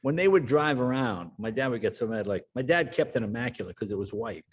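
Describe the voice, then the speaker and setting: An older American man telling stories with a lively, swinging pitch. He jumps into loud, raised voices to act out the people in his tales, then drops back to an easy telling. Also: fast talker, slightly rough. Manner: acts out family members in raised, shouting voices. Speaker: guest. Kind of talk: animated storytelling.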